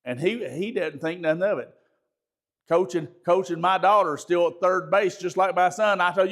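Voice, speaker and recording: A loud, emphatic middle-aged man, a bishop teaching a ministry training session in a lecture style. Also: high-pitched, moderate pace. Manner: loud, emphatic natural speaking voice.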